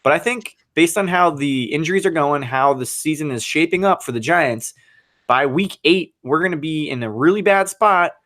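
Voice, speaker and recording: Excitable man in casual football chat. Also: fairly high pitch, normal speed. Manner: excitable, laughs often, animated. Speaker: sports podcast co-host.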